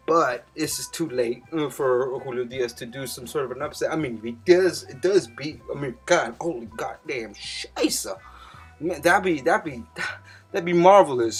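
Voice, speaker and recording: Slightly high and husky, this young man's voice carries a rambling, heavily profane monologue of fight predictions. Speaking as a casual boxing commentator, he gets worked up at points and his pitch leaps upward.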